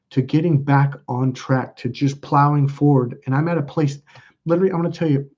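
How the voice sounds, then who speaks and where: A man's voice: mid-range voice, darkish tone, lo-fi sound. A man telling a personal story as a self-help video host, rambling and cutting himself off mid-sentence. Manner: rambling, self-interrupting, casual with profanity.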